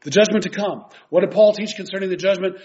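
A man delivers an earnest, emphatic sermon in a fairly high voice. He explains scripture point by point. The recording sounds dull and lo-fi. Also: fast talker, a little mellow. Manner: earnest, emphatic preaching, reading scripture aloud. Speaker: preacher.

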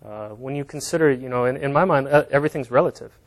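A man's voice: mid-range voice, fast. A man preaching an informal sermon, reading scripture aloud and explaining it in a conversational way with plain everyday examples.

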